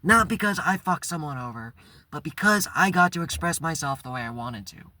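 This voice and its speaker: Forceful, blunt man telling a story. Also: a little high, expressive, brisk, dry recording. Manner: candid, blunt, swears freely. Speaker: channel host. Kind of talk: casual vlog storytelling.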